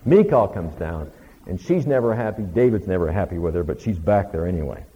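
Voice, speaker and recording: A man with a low voice teaches a Bible class in an easy, conversational way, retelling the stories and acting out bits of dialogue. The recording is dull and lo-fi, with a long reverb trailing off in a big room. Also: animated, brisk, mellow.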